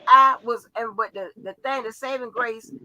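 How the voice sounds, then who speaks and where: A woman in casual chat, telling a long story in an animated, profane way. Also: a little high, normal speed, dull audio, crowd noise.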